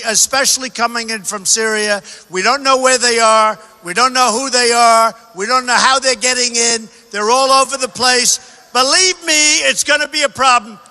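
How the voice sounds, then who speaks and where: A man from New York giving a campaign rally speech in a large arena, speaking loudly in short, repeated phrases into a podium microphone. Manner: loud, repetitive short phrases to a crowd. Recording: booming echo of a big arena.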